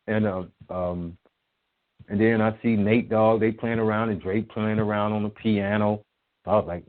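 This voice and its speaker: A man with a low voice tells old music-business stories as a guest. He talks in a casual, profane, animated way and acts out what people said. He comes through a thin, tinny phone line. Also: normal speed. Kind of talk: casual storytelling interview.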